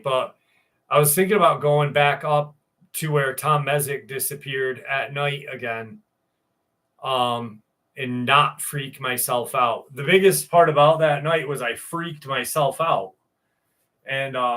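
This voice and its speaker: A man's voice: mid-range voice, unhurried, a bit bright. A man in his forties hosting a livestream, answering viewers in casual, rambling chat with candid, crude humor. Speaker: livestream host.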